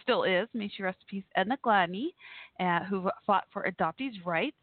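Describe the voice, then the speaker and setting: A woman's voice: mid-range voice, normal speed, dry recording. Effusive woman hosting a call-in show. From Texas. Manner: effusive, gushing, laughs often. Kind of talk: live call-in show chat. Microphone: home setup. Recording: tinny phone-like line.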